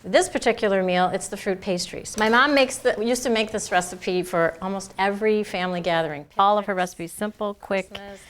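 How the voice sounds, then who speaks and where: A woman's voice: mid-range voice, fairly quick, hardly any pauses. A middle-aged woman from Buffalo, a cookbook author, chatting while she cooks and recalls family meals. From Buffalo, New York. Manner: warm reminiscing, laughs often. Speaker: cookbook author and home cook. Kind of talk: cooking demonstration and interview. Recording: with music behind.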